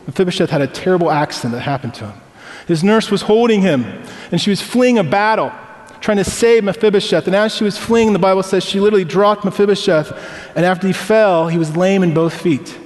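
Higher-voiced male pastor in reverberant church. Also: a little mellow. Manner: conversational storytelling with personal anecdotes. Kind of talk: sermon. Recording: long hall reverb.

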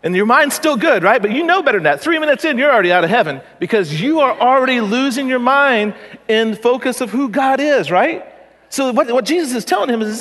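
Pastor, man, high voice, casual joking sermon, long hall reverb. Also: lively intonation, brisk, a bit bright. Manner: conversational, joking, emphatic.

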